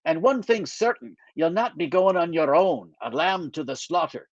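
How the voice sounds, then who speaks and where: A gruff Scottish émigré man, dry and teasing, grumbling at his young companion, as an author voices him in a reading. His voice sits a little high and bright for a man. The sound is dull and dry, as if recorded close on a modest mic. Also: animated, moderate pace, no room sound. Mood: wry.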